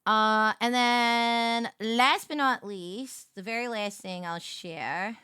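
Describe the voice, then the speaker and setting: A young woman streaming as a VTuber, telling a story in casual chat and greeting her viewers with big, bright jumps in her voice. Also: a little high, takes it slowly, clean tone, no echo, clean studio sound.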